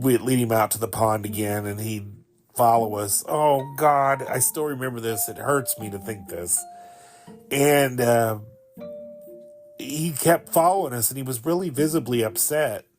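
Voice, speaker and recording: A podcast host in his fifties tells a personal story in a rambling, fond way, with many fillers and laughs. His voice is mid-range.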